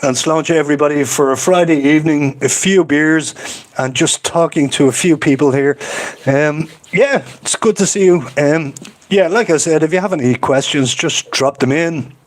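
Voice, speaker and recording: A man's voice: fairly high pitch, moderate pace. A man with an Irish accent, hosting a casual livestream and chatting loosely as he reads comments aloud, rambling and laughing often. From Ireland. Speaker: livestream host.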